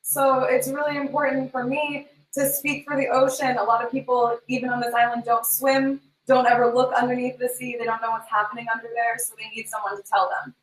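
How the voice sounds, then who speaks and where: A woman's voice: fairly high pitch, flat delivery. Earnest American-born woman, echoey distant sound. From United States. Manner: earnest, enthusiastic, halting restarts. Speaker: scuba instructor and guest. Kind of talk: interview.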